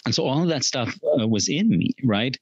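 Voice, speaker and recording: A man's voice: mid-range voice, expressive, fairly quick, darkish tone, breathy edge, no room sound, highs cut off. A man talking as a podcast guest in casual interview chat, earnest and reflective, laughing at his own slips.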